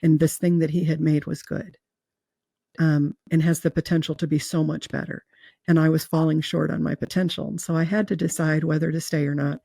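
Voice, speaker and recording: Earnest woman with vocal fry, dry sound. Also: deep voice, level tone, fairly quick, dark tone, no echo. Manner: earnest, emotional, with fillers and restarts. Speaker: guest telling her near-death experience. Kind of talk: personal storytelling in an interview.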